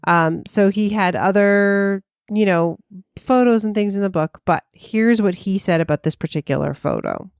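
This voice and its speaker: A woman co-hosting a casual podcast discussion, chatty and quick to laugh as she brings up each case. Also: medium pitch, clean tone, no room sound, clean studio sound. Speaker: podcast co-host.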